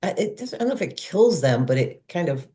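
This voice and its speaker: A woman's voice: deep voice, very animated, quick pace, warm tone. A woman co-hosting a casual film discussion, enthusiastically retelling scenes. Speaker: podcast co-host.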